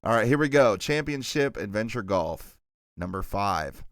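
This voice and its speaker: Clean studio audio with no room sound carries a fairly low-pitched male voice at a moderate pace. He co-hosts a laid-back podcast, animatedly reading out an article, laughing often, adding side comments and tripping over names.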